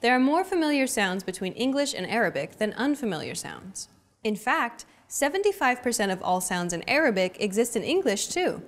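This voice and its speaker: A woman's voice: on the high side, sing-song, normal speed. A young adult woman hosting a language lesson, with a scripted, upbeat coaching delivery.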